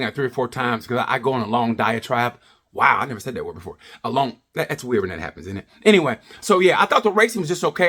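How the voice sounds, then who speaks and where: Guy vlogging a race review, swears a ton, rambles, pitch jumps all over, kinda high voice. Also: pushed and bright. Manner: profane, rambling, jokey. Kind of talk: casual ranting review.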